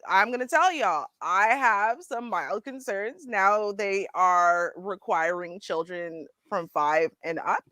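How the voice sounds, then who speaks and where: Lady host riffing on the news, laughs a lot, mid pitch, dry sound. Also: no room sound. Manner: animated, sarcastic, laughing, addresses viewers as y'all. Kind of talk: casual commentary. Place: Ontario.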